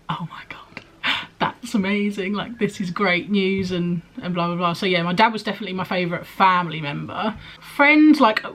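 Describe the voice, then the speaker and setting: A woman's voice: lowish voice, a bit bright. A young woman, pregnant, chatting casually in a rambling way, with frequent ums and likes, as she answers questions for her vlog. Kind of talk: casual chat.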